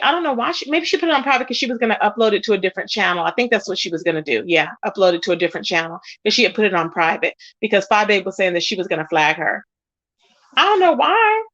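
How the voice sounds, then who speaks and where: A woman's voice: fast, no echo, highs cut off. Woman gossiping on her stream, reads chat, dry close mic. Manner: animated, quotes people with rising pitch. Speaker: livestream host. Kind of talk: casual livestream chat.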